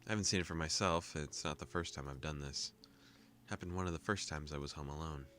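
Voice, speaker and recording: A young man hosting a gaming video, calmly reading a visual novel aloud with joking asides. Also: a bass voice, fast, slight background noise.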